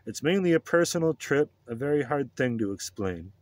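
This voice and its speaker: A man's voice: medium pitch, expressive, normal speed, a little mellow, dry recording, voice pushed up, lightly acted. A man voicing a restless, evasive male journalist with a raised, strained voice.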